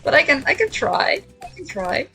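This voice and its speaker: A woman's voice: high-pitched, very animated, moderate pace, sharp tone, poor audio. Chatty giggly young woman streamer. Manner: chatty, giggly, repeats words while thinking. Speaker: streamer playing a video game. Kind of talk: casual gaming stream chat. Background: faint game music.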